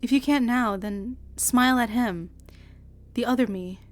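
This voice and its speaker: A woman reading a gentle dying huntsman. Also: on the high side, a little slow, no echo, lightly acted.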